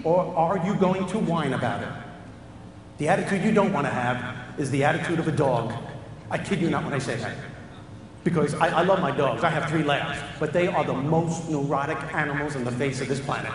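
A man's voice: on the high side, animated, brisk. A man from New York with a New York accent, giving a punchy, emphatic motivational keynote speech and driving home key phrases by repeating them. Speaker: keynote speaker and comedian. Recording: live talk in an echoey hall, faint room noise.

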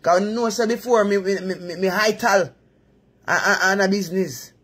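Husky Jamaican woman giving live advice. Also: mid-range voice, moderate pace, fairly bright tone. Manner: earnest, advising, in patois-laced talk. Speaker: live-stream host. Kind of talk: preachy live chat.

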